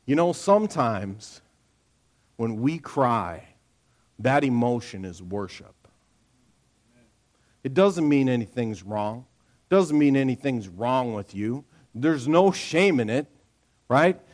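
A middle-aged man preaching a sermon as a pastor, telling stories in a chatty, animated way, acting out quotes and asking "right?" often. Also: medium pitch, slow pace, pauses often. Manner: animated storyteller, acts out quotes, frequent "right?"; lively conversational sermon delivery.

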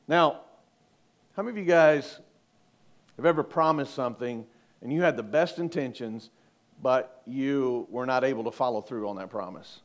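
A man's voice: mid-range voice, normal speed, pauses often. A middle-aged male pastor preaching a conversational sermon, joking and asking the congregation questions.

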